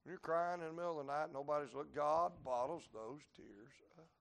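A man, preaching a sermon to a congregation. He moves between quiet, folksy asides and shouted climaxes. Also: on the high side, a little fast, vocal fry. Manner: folksy humor, plainspoken dialect. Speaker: traveling preacher. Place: church building before a congregation.

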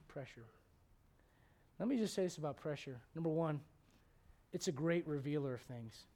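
A man's voice: fairly high pitch, moderate pace, long pauses, darkish tone. A middle-aged male pastor preaching a sermon with humor and many rhetorical questions.

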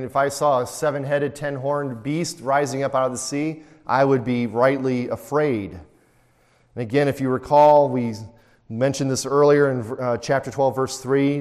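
At a middle pitch and normal speed, a man leads a Bible study in a relaxed, conversational way, repeatedly posing rhetorical questions to his listeners. A large room's long reverb rings around his voice.

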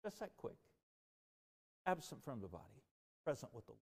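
A male pastor delivers an earnest, animated sermon, his voice climbing and falling as he makes each point. His words ring out with a long reverb tail in a church sanctuary. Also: mid-range voice, normal speed, husky. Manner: earnest, animated preaching that rises and drops.

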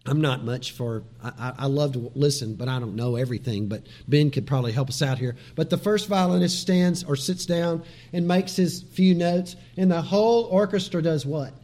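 High-voiced middle-aged man preaching a sermon. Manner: animated storytelling, swings from soft asides to loud pleading. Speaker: pastor.

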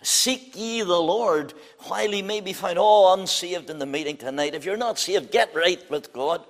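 Fervent preacher, man. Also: moderate pace. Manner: fervent, swings from loud appeals to hushed low lines. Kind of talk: evangelistic sermon.

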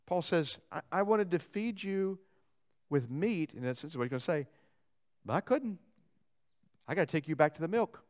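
A man preaching a sermon as pastor, lively and joking, acting out quotes and asides. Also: fairly high pitch, moderate pace, long pauses. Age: young adult or middle-aged, father of young boys.

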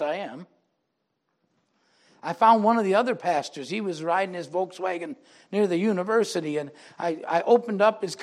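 High-pitched older man preaching. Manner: storytelling, quoting others in dialogue, rising to emphatic preaching. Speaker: pastor. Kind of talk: sermon with personal testimony.

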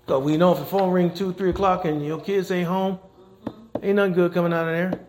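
In an echoey church with faint background noise, a pastor and chaplain delivers a talk-like sermon, punctuated by frequent "okay?" checks with the congregation. He has a high, darkish voice, fairly even in intonation and fairly quick.

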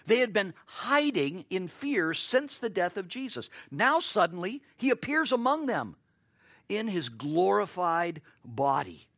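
A man preaching a sermon, expressive, acting out quoted lines and asking his listeners rhetorical questions. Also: sits high, unhurried, no room sound, studio quality.

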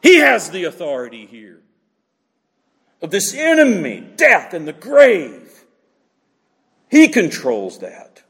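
A man preaching with a lively, rising and falling voice that sits a little high. He swings from loud emphatic lines to hushed asides. His voice rings through a reverberant church hall. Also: takes it slowly, long pauses, husky. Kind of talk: sermon.

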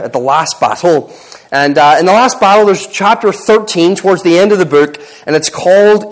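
A man preaching a sermon in a relaxed, halting way, full of fillers, who reads a long passage aloud. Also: fairly high pitch, rough recording. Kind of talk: sermon with a scripture and book reading.

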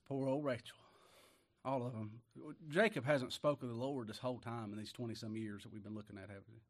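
Country preacher from Kentucky, folksy, keeps asking the congregation questions, booms on the verses. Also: male voice, steady tone, fairly quick. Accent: Appalachian Kentucky. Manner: folksy, asks the congregation rhetorical questions, rises loud on scripture. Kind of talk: sermon.

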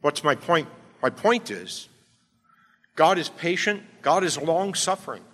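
A man preaching a sermon as pastor, emphatic, swinging between quiet, low passages and loud, urgent appeals. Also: big pitch swings, a little slow. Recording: long hall reverb.

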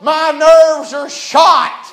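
Male preacher doing exasperated mom, high and loud, fed up, echoey room. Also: sing-song, measured pace, full character voice. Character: exasperated mother at the end of her patience.

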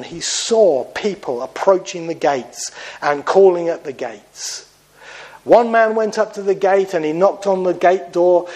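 A man preaching an evangelistic sermon. He talks earnestly, slowing down and growing softer when he appeals to his listeners. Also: a little high, low-quality recording. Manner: tells a parable with lifted, animated quoted voices.

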